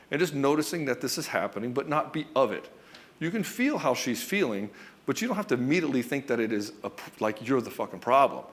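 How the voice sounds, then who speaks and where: A man coaching other men in a direct, blunt and profane way, speaking fast and with emphasis. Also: mid-range voice. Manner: acts out short quoted lines in other voices. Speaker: relationship coach. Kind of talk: direct-to-camera coaching talk.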